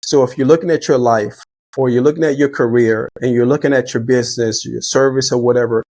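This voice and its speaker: A man's voice: mid-range voice, steady tone, fairly quick, a little mellow, no echo. A middle-aged man telling personal stories as a podcast guest, reflective and earnest, often restarting his sentences. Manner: reflective, faith-driven, repeats words when starting sentences. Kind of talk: earnest conversational storytelling.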